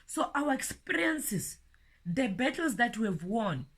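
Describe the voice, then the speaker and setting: A middle-aged woman preaching an informal sermon, earnest, often repeating words, building to emphatic peaks and then dropping soft. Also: on the high side, big pitch swings, unhurried.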